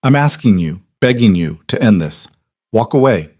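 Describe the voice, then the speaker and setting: A man voicing a desperate young noblewoman in an audiobook romance, earnest and steady. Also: on the low side, moderate pace, dry recording, studio quality. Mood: resolute.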